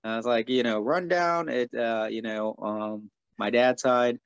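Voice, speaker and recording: A man's voice: mid-range voice, fairly even intonation, measured pace, clear, resonant tone, dry recording, highs cut off. A man from the United States, a martial artist and stuntman, telling stories easily in a casual interview with lots of fillers. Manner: easygoing, filler-heavy storyteller.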